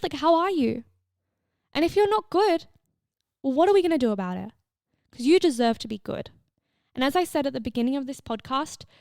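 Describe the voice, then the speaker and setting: A woman's voice: sits high, a little mellow, no room sound, clean studio sound. A young woman hosting her own podcast, giving a frank, swearing, affectionate pep talk while tearful and emotional. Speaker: podcast host. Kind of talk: solo motivational podcast talk.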